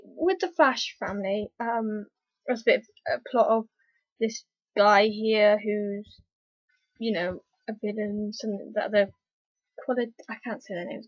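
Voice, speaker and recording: A woman talking casually in a review vlog, rambling and hesitant with lots of fillers, an excitable fan. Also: a little high, dry recording. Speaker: TV episode reviewer. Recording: dull lo-fi, dry recording.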